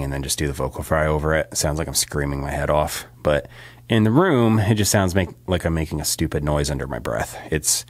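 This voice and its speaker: A man with a very deep voice talks casually into a studio microphone, rambling and laughing often. His throat is still a little rough from a recent illness. The sound is dry and close, with no room echo. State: recovering from a sore throat. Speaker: singer-songwriter. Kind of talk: casual vlog chat. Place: home recording studio.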